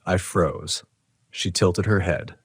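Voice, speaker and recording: Male narrator, deep, dry booth sound, tense hushed horror storytelling. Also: slow, slightly rough, no echo.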